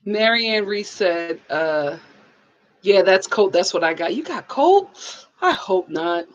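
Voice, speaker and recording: Animated woman chatting live. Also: medium pitch, slow, highs cut off. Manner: animated, laughs often, reads chat comments aloud. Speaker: live show host. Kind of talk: casual live review chat.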